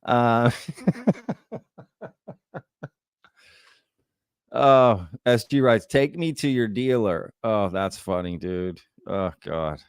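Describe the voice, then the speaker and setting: A man's voice: medium pitch, animated, very slow, long pauses, clear, resonant tone, no room sound, clean studio sound. A man hosting a live Q&A, reading chat comments aloud and laughing often. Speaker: livestream host.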